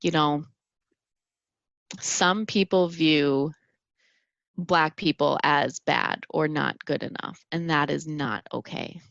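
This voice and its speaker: A woman's voice: low-pitched, slow, gravelly, long pauses, a bit bright, dry recording, dull audio. A woman in her thirties from Minnesota hosting a podcast, talking earnestly with many fillers and restarts. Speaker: podcast host. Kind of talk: reflective solo podcast talk.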